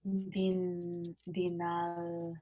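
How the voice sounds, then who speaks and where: A woman's voice: fairly low pitch, completely flat delivery, drawn-out words, dull audio. A woman student in a one-on-one language lesson over a video call, hesitantly repeating words after her tutor.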